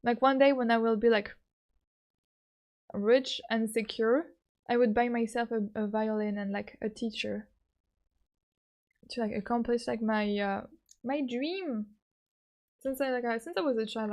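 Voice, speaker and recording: Giggly high-voiced French woman streamer. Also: measured pace, long pauses, a little mellow. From France. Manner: giggly, chatty with viewers. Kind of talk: casual live-stream chat.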